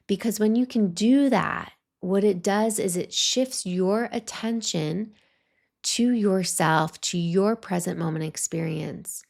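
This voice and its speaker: A woman hosting a solo podcast, talking through a reflective monologue in a slow, soothing, gently guiding way. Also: medium pitch, creaky. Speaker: podcast host.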